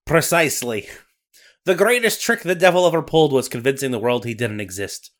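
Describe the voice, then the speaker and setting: A man's voice: mid-range voice, lively intonation, a little fast, fairly bright tone, natural voice. Brief: man doing a Scottish lake monster storyteller for a comedy podcast bit, theatrical and lilting. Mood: dramatic storytelling. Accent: put-on Scottish. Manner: dramatic narrating, rolled-up storytelling. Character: Loch Ness monster, male storyteller, sly.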